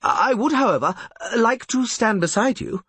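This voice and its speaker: A man's voice: very high voice, animated, normal speed, a bit bright, breathy edge, no echo, voice pushed up, exaggerated voice. A man reading an audiobook and voicing a gallant, pompous young squire who speaks in a formal, chivalrous way.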